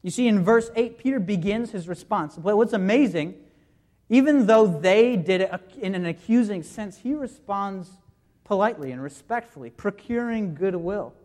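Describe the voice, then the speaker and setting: A preacher in the middle of a sermon, guiding the congregation through scripture verse by verse. The voice sits at an ordinary middle pitch and explains carefully, often stopping to ask rhetorical questions before answering them. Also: lively intonation, moderate pace, darkish tone. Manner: guides listeners through scripture references.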